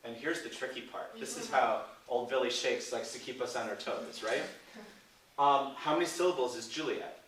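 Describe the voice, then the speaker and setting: A man's voice: medium pitch, moderate pace, fairly bright tone, slight background noise. A man teaching a Shakespeare workshop in a playful way, often checking in with 'right?'. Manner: playful, ends phrases with 'right?'. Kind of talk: classroom teaching. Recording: echoey room, voice from far off.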